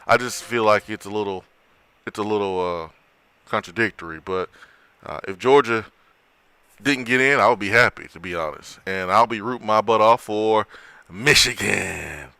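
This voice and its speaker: A man's voice: on the low side, moderate pace, sharp tone, smooth, dry recording. A man hosting a casual sports talk show, chatting with a co-host, often repeating and restarting his words.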